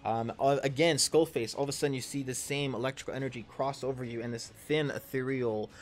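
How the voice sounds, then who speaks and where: A man's voice: mid-range voice, steady tone, fast. A man in his thirties narrating a tabletop game as game master and player, rambling with many ums and self-corrections, and swearing casually. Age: 30s.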